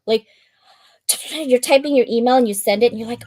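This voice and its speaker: A woman hosting a live stream, reading out a checklist and chatting in an animated way, laughing often and acting out her own thoughts. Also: a little high, a little fast, no room sound.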